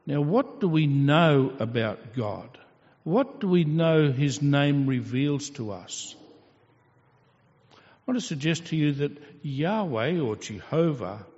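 A man preaches a sermon at an unhurried, deliberate pace, his voice sitting a little high for a man. He teaches patiently and poses rhetorical questions. The recording is dull and carries a long hall reverb. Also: darkish tone.

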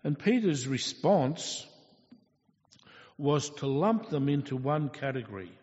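A male preacher delivers a sermon slowly and earnestly, in a fairly high voice, and asks his listeners rhetorical questions. The sound is dull and lo-fi, with the long echo of a hall. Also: expressive, a little mellow.

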